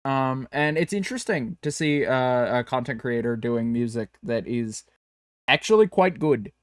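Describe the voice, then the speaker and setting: A man's voice: medium pitch, lively intonation, moderate pace, no room sound, clean studio sound. A young man co-hosting a casual podcast, rambling along with repeated words and lots of "like" fillers, talking into his own mic over a remote call. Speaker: podcast co-host. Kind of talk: casual chat.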